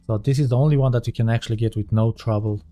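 A man's voice: mid-range voice, fairly even intonation, very fast, warm tone, no echo, soft background music. A man giving casual let's-play commentary as he plays, thinking aloud and often correcting himself mid-sentence. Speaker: gaming channel host.

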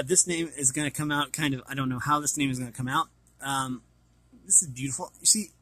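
A man's voice: a little high, sharp tone, slightly rough, dry recording. A man casually reading an art book aloud and commenting, hesitant and apologetic as he stumbles over names.

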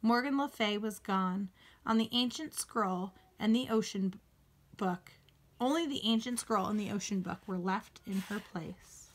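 A woman's voice: mid-range voice, a little slow. A woman reading a children's chapter book aloud, lifting her voice for the children's lines and sometimes restarting a word. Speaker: reader.

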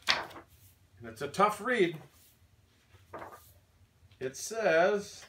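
Animated older grandpa reading aloud. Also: male voice, high-pitched, drawn-out words, distant mic, slight background noise. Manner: sing-song, animated, with playful animal noises. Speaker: grandfather reading a picture book.

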